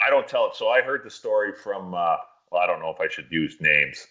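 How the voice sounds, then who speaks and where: A man's voice: low-pitched, animated, brisk, bright, forceful tone, lo-fi sound. A man casually telling a long, profane, rambling story on a podcast.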